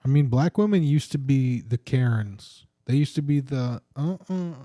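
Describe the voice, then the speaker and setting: Male comedy co-host, mid pitch, mellow tone, dry one-liners. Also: moderate pace, dry recording. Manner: dry quips and short backchannels. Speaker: podcast co-host. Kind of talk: casual comedy chat.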